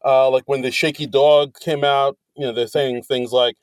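Halting man in dry podcast chat. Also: medium pitch, flat delivery, dry recording. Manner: halting, many fillers and restarts, chuckling. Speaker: podcast co-host. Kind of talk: casual chat reviewing comedy sketches.

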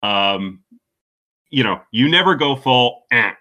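Bright-voiced man, laughing podcast host. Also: mid-range voice, lively intonation. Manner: laughs often, quick asides. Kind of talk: casual chat.

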